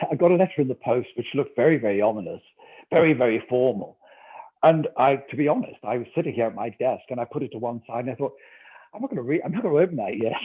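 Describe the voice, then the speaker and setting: A mid-range, breathy-edged voice belongs to an older Newcastle man with a Geordie accent. The actor and audiobook narrator shares a story in a remote interview over tinny call audio, often laughing and acting out what people said.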